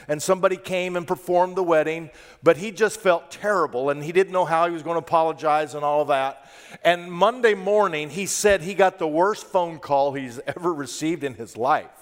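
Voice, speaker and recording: A man's voice: on the high side, long reverb tail. A man preaching a sermon as pastor, telling a story and talking directly to the congregation in a conversational way. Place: church sanctuary.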